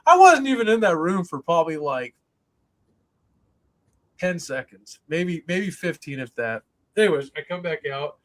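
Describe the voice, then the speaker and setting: A man with a notably high speaking voice tells a story on a casual podcast. His delivery is animated and full of swearing, and he keeps breaking into laughs as he acts out the people in it. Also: unhurried, pauses often.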